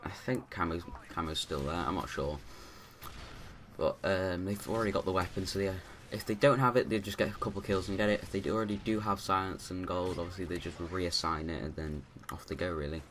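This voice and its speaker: A man's voice: deep voice, steady tone, fairly quick, fairly bright tone, slight background noise. A man giving rambling, casual commentary over his own gameplay, full of restarts and fillers.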